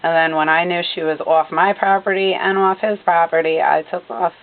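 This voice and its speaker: A woman's voice: lowish voice, steady tone, normal speed. A woman narrating her own recorded video in an agitated, indignant way, repeating herself often. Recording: tinny phone-like audio.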